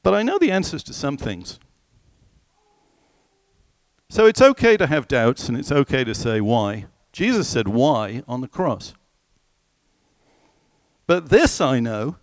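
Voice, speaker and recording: A man preaching a sermon in a conversational, animated way, asking the listeners questions and slowing down for scripture. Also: a little high, no room sound. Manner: slows right down when quoting scripture.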